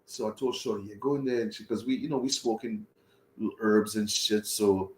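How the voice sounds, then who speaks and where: A man's voice: lowish voice, normal speed, slight background noise. A young man telling a travel story in casual, profane talk, acting out his own reactions as he goes. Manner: profane, animated retelling with voiced reactions. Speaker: travel vlogger. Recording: roomy echo.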